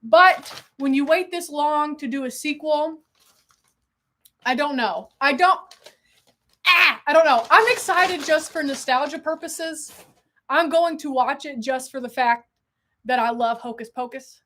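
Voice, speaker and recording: Woman, young, high voice, excitable livestream host. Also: unhurried, slight background noise. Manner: excitable, exclamatory, chatty. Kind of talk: casual livestream chat.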